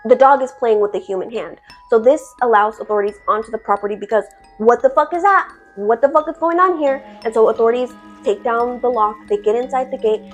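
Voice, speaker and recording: Woman storyteller, higher voice, swears a lot, dramatic horror storytime, soft music under. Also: fairly quick, highs cut off. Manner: profane, dramatic, chatty.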